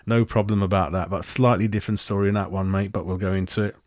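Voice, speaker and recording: Man, football fan show host, live-stream chat, rambling, keeps saying mate, clears throat, dry close sound, a bit muffled. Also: fairly low pitch, steady tone, fast, darkish tone, dry recording. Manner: rambling, chatty, answers viewer comments, calls everyone mate; clears his throat often.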